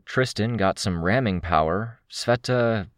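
A man voicing Crystal, a brisk, teasing young heroine in an audiobook, in a raised, light voice. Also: fairly low pitch, no echo, studio quality, voice pushed up, lightly acted. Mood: breezy.

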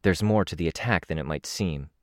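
A man reads a blunt, guarded young heroine in an audiobook, speaking in short, clipped sentences. His low voice barely shifts for her, and the sound is dry and close. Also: a little fast, no room sound, lightly acted. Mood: curt. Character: terse young woman hero, guarded and blunt.

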